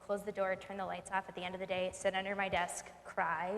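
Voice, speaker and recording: A woman's voice: medium pitch, level tone, fairly quick, a bit bright. A woman in her twenties, a teacher on an alumni panel, speaking candidly and poking fun at herself. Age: 20s. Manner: candid and self-deprecating. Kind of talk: casual panel talk. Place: campus event room. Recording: reverberant hall with faint noise.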